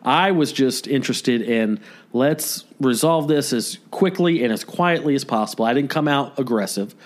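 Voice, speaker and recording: A man's voice: medium pitch, moderate pace. A man co-hosting a comedy podcast, telling a long story in casual chat and acting out the people in it. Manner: animated storyteller who acts out quotes. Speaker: podcast co-host.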